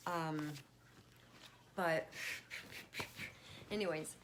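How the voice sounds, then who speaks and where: Casual home vlogger, woman, deep and a bit creaky, faint room hiss. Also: fairly even intonation, extremely slow. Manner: chatty, warm toward her pets, frequent fillers. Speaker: spiritual vlogger. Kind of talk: casual check-in chat. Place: at home with pets.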